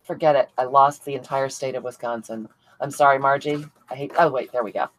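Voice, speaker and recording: A woman with a rumbling low, steady voice hosts a casual crafting livestream, chatting a little fast and laughing as she reads viewer comments and answers people by name. The audio quality is poor.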